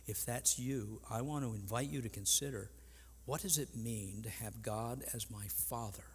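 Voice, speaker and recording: A man's voice: medium pitch, breathy edge. Older guy pastor preaching, earnest, stops and restarts a lot, big echoey church hall. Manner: earnest, halting, with many restarts. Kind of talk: sermon. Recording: long reverb in a large hall.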